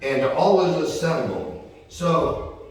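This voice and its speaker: Folksy preacher in an echoing church. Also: male voice, fairly high pitch, animated, slow. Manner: folksy, conversational, keeps asking "right?" and "okay?". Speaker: pastor. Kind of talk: sermon. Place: church sanctuary. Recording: echoey church hall from far off.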